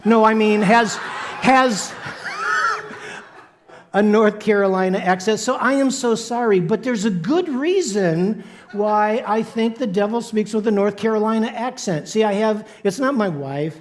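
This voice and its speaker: A man's voice: high-pitched, measured pace. Pastor guy preaching in church, jokey and chatty with the crowd. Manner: playful, joking with the congregation. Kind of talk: sermon. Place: church sanctuary.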